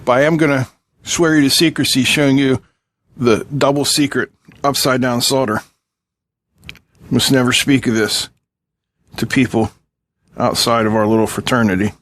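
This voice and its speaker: A man chatting his way through a hands-on electronics tutorial, cracking dry jokes and teasing asides to the viewers as he works. He talks at an average pitch in a relaxed, conversational way, as if the audience is sitting beside him at the workbench. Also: normal speed, long pauses. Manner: joking, chatty asides while working. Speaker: electronics channel host.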